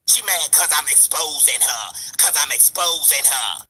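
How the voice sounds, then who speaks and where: A man with a high, piercing voice that has a husky edge gives a heated, profane rant. He mocks the people he talks about and turns to address his viewers again and again. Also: measured pace, hardly any pauses, pushed and bright, poor audio. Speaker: commentary vlogger. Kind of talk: ranting commentary.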